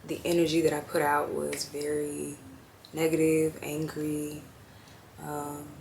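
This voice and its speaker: A young woman talks straight to the camera in a slow, heartfelt confessional, her voice low and gravelly. She trails off into fillers and sounds tearful at times, with faint noise behind her. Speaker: vlogger. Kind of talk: personal confessional talk to camera.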